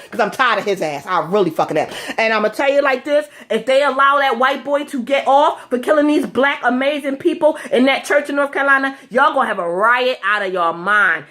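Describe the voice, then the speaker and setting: A woman's voice: on the high side, fairly bright tone. Heated, profane woman ranting to camera. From United States. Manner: heated, blunt and profane, speaking directly to viewers. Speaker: vlogger. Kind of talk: angry political rant to camera.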